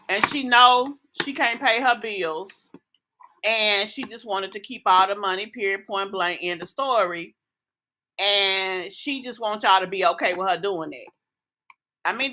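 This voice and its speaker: A woman's voice: mid-range voice, pushed and bright. A woman hosting a reaction commentary video, indignant and scolding as she speaks straight at the person she criticizes. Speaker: commentary host.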